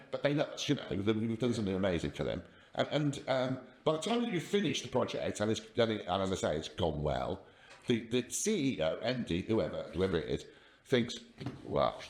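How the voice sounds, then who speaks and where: A man's voice: fairly low pitch, sing-song, normal speed, a little mellow, slight background noise. An older man telling rambling business anecdotes in a casual interview, with lots of restarts. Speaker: podcast guest, software company founder. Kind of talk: casual conversational storytelling.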